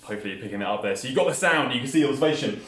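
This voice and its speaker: A man's voice: mid-range voice, lively intonation, racing, fairly bright tone. Enthusiastic man demonstrating a science experiment. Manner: enthusiastic, explains step by step to kids. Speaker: science presenter. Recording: echoey room, mic at a distance.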